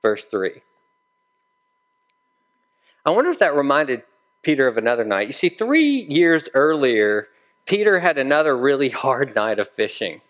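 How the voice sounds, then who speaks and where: A man's voice: mid-range voice, sing-song, a little slow, pauses often. A man preaching a sermon in a conversational storytelling way, acting out the dialogue of the people in his story. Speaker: pastor.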